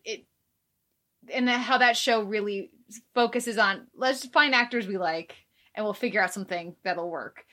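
A woman's voice: mid-range voice, sharp tone. A woman co-hosting a casual podcast, reading out listener comments in an easygoing way with lots of hesitant fillers. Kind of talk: casual chat.

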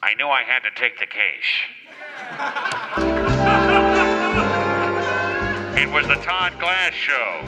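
A man's voice: fairly high pitch, wildly swooping pitch, extremely slow, long pauses, over loud music, exaggerated voice, low-quality recording. A man playing a hard-boiled detective, narrating the night like a case report in clipped noir style. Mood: deadpan. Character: hard-boiled male detective, world-weary.

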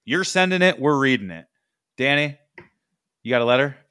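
A man's voice: medium pitch, lively intonation, moderate pace, bright, forceful tone, a little hiss or hum. A man hosting a comedy podcast, leading segments in laid-back casual chat. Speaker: podcast host.

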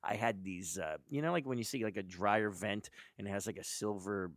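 Rambling man with a gravelly voice. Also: lowish voice, brisk, no echo, studio quality. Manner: rambling storyteller, laughs hard. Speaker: podcast guest. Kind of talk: casual chat.

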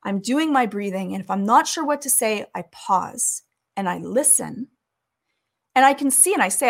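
A woman giving calm, earnest advice in a conversation, acting out the things people say to each other. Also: mid-range voice, brisk, creaky. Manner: calm, earnest, acts out quoted speech.

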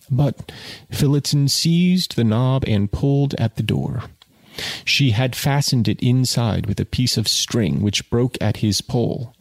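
A man's voice: medium pitch, slow, no room sound. A man reading a novel aloud and breaking off for wry, conversational commentary.

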